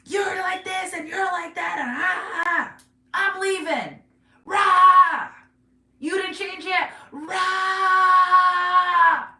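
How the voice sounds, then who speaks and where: A woman acting out a fed-up partner who rants, shouts and storms off, in a roomy space away from the mic. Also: very high-pitched, steady tone, very slow, far from the mic, pitched above the performer's own voice, exaggerated voice. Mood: exasperated. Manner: shouting, exasperated outbursts.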